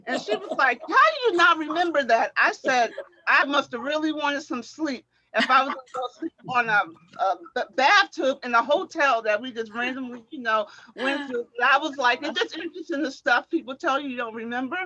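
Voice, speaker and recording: A middle-aged woman, a former track athlete, telling animated stories in a casual chat and acting out what people said, often laughing. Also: high-pitched, brisk, muffled recording. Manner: animated storyteller, acts out quotes, laughs often.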